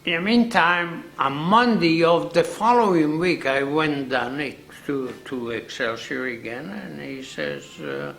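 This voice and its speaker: A man, telling an unhurried, folksy story from his working life in an interview. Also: on the high side, animated, creaky, a bit bright, faint music behind. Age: 90s. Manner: unhurried, repeats himself, folksy phrasing. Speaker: interviewee, accordion builder. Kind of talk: reminiscing storytelling.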